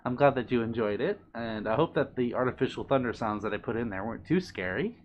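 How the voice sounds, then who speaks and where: A young man on a live stream, reading viewer comments aloud and answering them in a gentle, apologetic way. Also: medium pitch, animated, quick pace, lo-fi sound, slight background noise. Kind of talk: casual live-stream chat.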